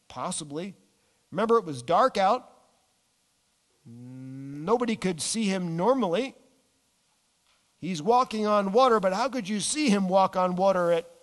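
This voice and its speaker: A man preaching a sermon, animated, dropping his voice low and slowing down on key words. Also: big-room sound. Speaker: pastor.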